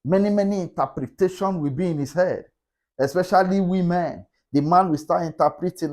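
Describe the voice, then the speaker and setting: A man's voice: high voice, brisk, a little mellow. Emphatic man teaching on relationships. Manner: repetitive, emphatic, preacher-like cadence. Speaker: relationship speaker. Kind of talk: motivational teaching talk.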